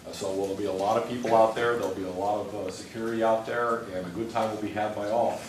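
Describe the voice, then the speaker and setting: A man's voice: fairly low pitch, fairly even intonation, fast talker. A congested man giving an informal briefing at a public meeting, talking conversationally with many uh's and restarts. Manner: conversational, frequent uh and um, restarts itself. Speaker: rail operations executive giving a briefing. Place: large meeting room. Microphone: distant room mic. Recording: echoey meeting room from far off with noise.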